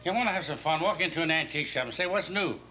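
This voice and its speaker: Brief: older man, stand-up comic, deadpan punchlines, 1970s TV studio sound with violin music underneath. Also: a little high, racing. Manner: punchy deadpan joke delivery. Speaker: stand-up comedian. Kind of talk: rapid one-liner stand-up routine. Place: television studio stage before an audience. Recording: 1970s TV studio audio, loud audience laughter.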